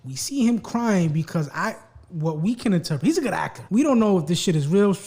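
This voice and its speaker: A man's voice: high voice, very animated, a little fast, darkish tone. A man co-hosting a podcast, giving emphatic advice in casual chat, repeating phrases and using street slang. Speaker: podcast co-host.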